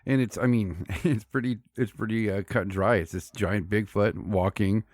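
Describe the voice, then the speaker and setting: Brief: relaxed male podcast co-host, low-ish voice, dry close mic. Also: moderate pace, no echo. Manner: easygoing, laughs along, calls him dude. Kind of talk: casual chat.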